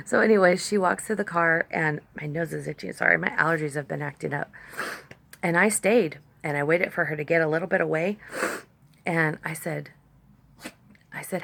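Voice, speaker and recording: A woman's voice: low-pitched, moderate pace, vocal fry, fairly bright tone. A woman vlogger telling a rambling, chatty story to her phone camera, stopping now and then to talk to her dogs. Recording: faint background noise.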